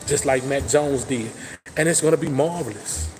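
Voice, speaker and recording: A man hosting a casual football talk show, hyping his team with loud, boastful trash talk. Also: mid-range voice, normal speed, slight background noise. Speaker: sports talk host. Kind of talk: casual sports chat.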